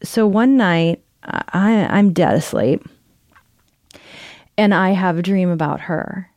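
A woman's voice: fairly low pitch, slow pace, a little mellow, dry recording. A woman telling a personal story in a candid, conversational way, sometimes acting out what people said. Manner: candid, conversational, reenacts dialogue. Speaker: guest storyteller.

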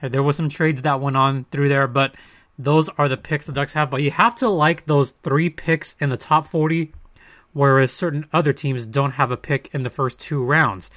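A man's voice: mid-range voice, fairly even intonation, moderate pace, fairly bright tone, no room sound, studio quality. A man hosting a sports podcast in a casual, chatty monologue with playful asides and emphatic points. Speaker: podcast host.

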